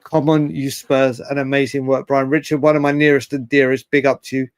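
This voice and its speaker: Excitable rambling male stream host. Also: medium pitch, fairly quick, clean tone, dry recording. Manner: excitable, rambling, talks to chat by name. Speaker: fan channel host. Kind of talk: late-night live stream chat.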